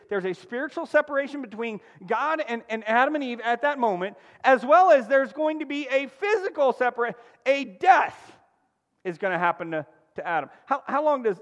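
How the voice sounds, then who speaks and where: Animated preaching man in a reverberant hall. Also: extremely high pitch. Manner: emphatic, call-and-response preaching with sudden drops to a hush. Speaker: pastor. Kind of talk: sermon.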